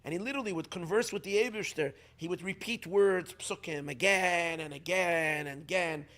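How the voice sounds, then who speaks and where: A man's voice: high-pitched, moderate pace, fairly bright tone. A middle-aged man, a rabbi, telling stories in an unscripted talk to a community gathering. He speaks emphatically and often restarts or repeats words as he goes.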